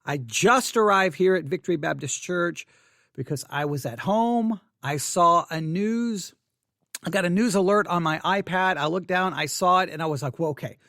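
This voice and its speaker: A man's voice: high-pitched, normal speed, vocal fry, pushed and bright, dry recording, clean studio sound. A man, out of breath and flustered, commenting on breaking news from a church. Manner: flustered, rambling restarts. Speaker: Baptist preacher commenting on news. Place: church building. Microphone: desk microphone.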